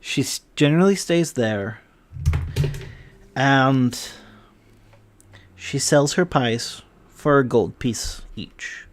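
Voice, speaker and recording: A man narrating as game master of a tabletop game, in an unhurried, halting way. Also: medium pitch, animated.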